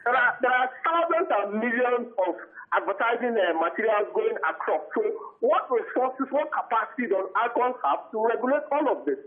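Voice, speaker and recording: A man's voice: very high voice, big pitch swings, moderate pace. A man calling in to a talk show, sounding critical and incredulous. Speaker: caller. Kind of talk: phone-in comment. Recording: tinny phone line.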